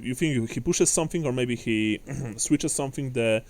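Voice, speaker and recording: A man narrating a tabletop game as game master, English not his first language, often pausing to search for words. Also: medium pitch, a little mellow.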